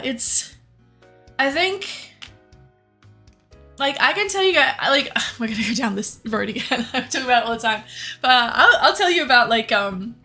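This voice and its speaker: A woman's voice: a little high, bright, forceful tone. A young woman streamer in candid, rambling casual chat, swearing freely. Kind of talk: casual chat while cooking and gaming.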